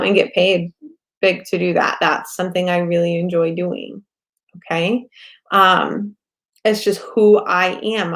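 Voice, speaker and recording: A woman business coach giving a casual course lecture, loud and excitable, swearing freely and laughing often. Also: mid-range voice.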